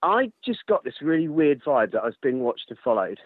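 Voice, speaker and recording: A man telling a running story in casual chat, animated, swearing and laughing as he goes. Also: fairly high pitch, brisk, slightly rough, no room sound. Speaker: ultrarunner guest. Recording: tinny phone-line sound, dry.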